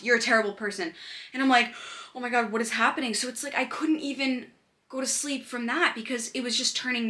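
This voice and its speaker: A woman's voice: mid-range voice, pushed and bright. A young woman vlogger telling a personal story in a chatty way, saying "like" often. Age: young adult.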